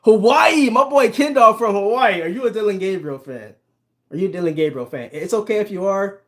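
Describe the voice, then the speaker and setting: High-voiced chatty man streaming live. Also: lively intonation, brisk, fairly bright tone. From Ohio, US. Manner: chatty, addresses viewers directly, laughs often. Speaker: sports channel host. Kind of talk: casual livestream chat reading comments.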